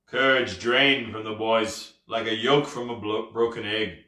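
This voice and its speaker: A man's voice: fairly low pitch, steady tone, measured pace, sharp tone, roomy sound. A man reading a novel aloud expressively, with casual asides. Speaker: storybook reader.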